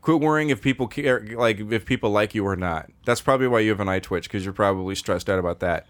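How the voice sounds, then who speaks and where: A man co-hosting a casual podcast, with a voice that sits on the low side. He tells rambling personal stories and swears freely as he goes. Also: quick pace, fairly bright tone. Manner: swearing, laughing, rambling storyteller. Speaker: podcast co-host. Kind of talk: casual chat.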